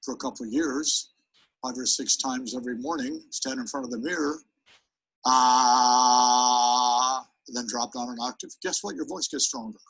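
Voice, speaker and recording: A man leading a live training seminar, his voice gravelly and rough at the edges. He talks with plenty of energy and turns often to the crowd. His delivery is lively and direct, like a coach running a workshop. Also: mid-range voice, brisk, low-quality recording. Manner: energetic, demonstrative, speaks straight to the audience. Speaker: sales presentation trainer.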